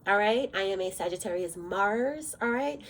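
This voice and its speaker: A woman with a mid-range, animated voice speaks at a normal pace while giving a casual tarot reading. She's fiery, blunt and direct, cursing freely, and her allergies are clearly bothering her.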